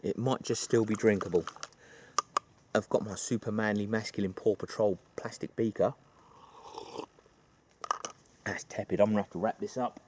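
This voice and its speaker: A man's voice: on the low side, fairly even intonation, fairly quick, noisy background. A man retelling a film plot in a rambling, chatty way, full of asides. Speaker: film reviewer.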